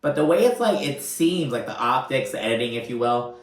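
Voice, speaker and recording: A man giving a casual, profane recap of a reality show, gossiping and acting out the cast's lines in quick voices. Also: medium pitch, sing-song. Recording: echoey room.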